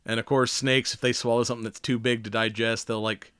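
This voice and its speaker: A man co-hosting a podcast in casual chat, retelling a movie scene by scene with lots of swearing, laughter and quick acted-out lines of dialogue. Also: medium pitch, clean tone, dry recording, clean studio sound. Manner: animated storyteller, swears a lot, acts out movie lines. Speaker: podcast co-host.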